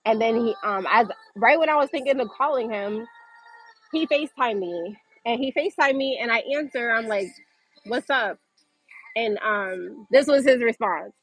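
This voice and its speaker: A woman's voice: on the high side, animated, a bit bright, poor audio. A young woman recounting a frightening personal ordeal in casual, profane, emotional storytelling as a livestream host. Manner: emotional, profane, fast-running retelling.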